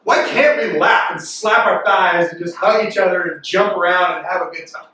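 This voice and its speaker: A high-voiced man gives a playful youth sermon, joking and breaking into loud mimicry. He sounds far from the mic, and a big hall rings around him with a faint hiss behind. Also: normal speed. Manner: animated and jokey, bursts into loud mimicking. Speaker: youth pastor. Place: large echoey worship hall. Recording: distant mic in reverberant hall.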